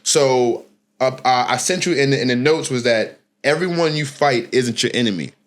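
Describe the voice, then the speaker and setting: A middle-aged man hosting a podcast, telling a personal story in a casual, slangy, animated way and often restarting his phrases. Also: medium pitch, moderate pace. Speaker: podcast host.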